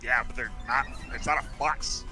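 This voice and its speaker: A man co-hosting a casual gaming podcast, talking quickly and stumbling over his words with self-conscious laughs. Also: mid-range voice, fairly even intonation. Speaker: podcast co-host. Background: background music.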